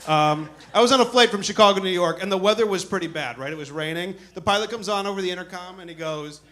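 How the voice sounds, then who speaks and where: A man performing a stand-up comedy set on a club stage, telling a story in an animated way and acting out other people's voices. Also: sits high, quick pace. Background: audience laughter.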